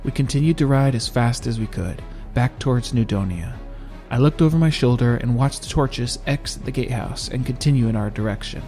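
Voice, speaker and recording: A man narrating a first-person audiobook in a steady, measured reading. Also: medium pitch, faint music behind.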